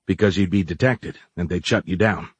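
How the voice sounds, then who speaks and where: A man's voice: low voice, a little fast, breathy edge, no echo. A man voicing a weary, resigned tech man. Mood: musing. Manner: tired, musing, resigned.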